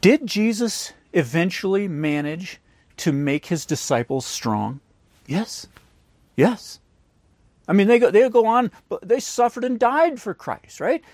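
A man's voice: high-pitched, big pitch swings, unhurried, a little mellow, no room sound. A man preaching a sermon who acts out the voices of the people in his stories. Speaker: pastor.

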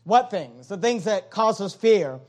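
A male preacher with a high voice delivers an evening sermon. He reads scripture aloud and poses questions to his listeners, then answers them. His delivery swings between loud emphatic bursts and quieter asides. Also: expressive, a little slow.

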